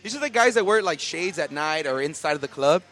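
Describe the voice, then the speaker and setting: Animated, bright-voiced man ranting. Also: fairly high pitch, a little fast. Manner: profane, animated ranting with frequent fillers. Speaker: podcast co-host. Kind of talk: casual comedic rant.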